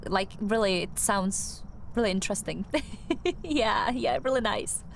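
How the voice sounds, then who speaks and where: A woman's voice: mid-range voice, a little slow, gravelly, a little hiss or hum. A young woman streamer with a non-native English accent, chatting through a game with many fillers and restarts. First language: not English. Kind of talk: casual gameplay commentary.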